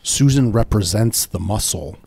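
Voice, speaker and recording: A man with a fairly low voice trades deadpan, dry one-liners in a casual comedic chat. He riffs along with his co-host and keeps his delivery understated. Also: a little slow, vocal fry, breathy edge, dry recording.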